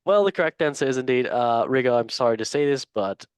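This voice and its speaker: A man's voice: medium pitch, animated, fast, noisy background. A man hosting a football quiz on a casual podcast, playful and jokey, swearing and laughing often. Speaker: quiz host.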